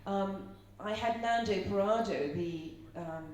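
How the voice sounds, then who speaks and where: A woman's voice: medium pitch, unhurried, darkish tone. A middle-aged woman from Ireland giving a live seminar talk, chatty and storytelling, asking the audience questions. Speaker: seminar speaker. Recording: roomy echo, speaker far from mic, faint hum.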